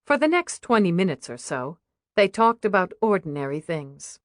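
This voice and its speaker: A woman narrates a novel with a steady, even delivery. Her voice is lowish. It is recorded close and dry. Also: moderate pace, dry recording. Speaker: audiobook narrator. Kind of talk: scripted narration.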